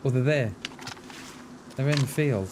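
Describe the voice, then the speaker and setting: A man with a light Mid Welsh accent, from Mid Wales, gives relaxed commentary while playing on a live stream, pondering aloud and responding to viewers as "mate." He speaks at a measured pace in a medium pitch, with background noise in the recording.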